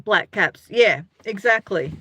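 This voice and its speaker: A woman's voice: mid-range voice, lively intonation, takes it slowly, sharp tone, slightly rough, no echo. A middle-aged Australian woman chatting casually on a live stream, rambling and greeting viewers by name as she reads their comments. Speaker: livestream host.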